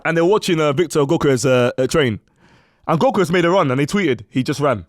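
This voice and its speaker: A man's voice: a little high, expressive, fast talker, no room sound, clean studio sound. A man, co-hosting a football chat show in playful, mocking banter. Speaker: podcast co-host. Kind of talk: casual banter.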